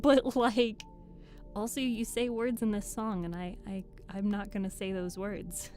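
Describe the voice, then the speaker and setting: A young woman who streams and reads audiobooks jokes around casually with her live viewers over the mic. She speaks slowly at medium pitch, in a steady tone that is a little mellow. Faint music plays behind her.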